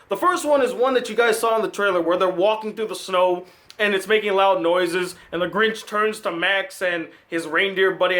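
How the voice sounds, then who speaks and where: Male film critic, high voice, sarcastic ranting delivery, casual review host. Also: a bit bright.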